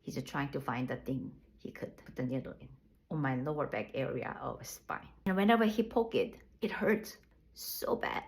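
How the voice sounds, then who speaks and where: A woman with a low, deep-set voice recounts something from her own life. She talks casually and frankly, often restarting her sentences and laughing at herself. The delivery is plainspoken storytelling rather than a performance. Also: very animated, gravelly, rough recording. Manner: loose, halting phrasing with restarts. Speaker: vlogger telling her birth story.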